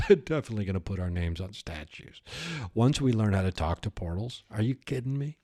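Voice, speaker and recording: A podcast host with a fairly low, darkish voice speaks briskly and expressively. His comic monologue is improvised and rambling, and he often giggles and addresses imaginary characters.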